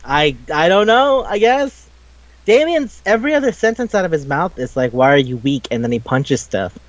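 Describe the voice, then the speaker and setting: A man chatting casually about a video game, rambling and swearing as he acts out the characters' lines in quick bits. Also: high voice, very animated, no room sound, highs cut off. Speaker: podcast co-host.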